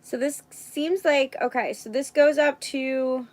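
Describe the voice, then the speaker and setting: A woman's voice: high-pitched, steady tone, slow pace, poor audio. A woman hosting a casual live stream, thinking aloud as she works and chatting with viewers. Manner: thinks aloud while working, chats with viewers.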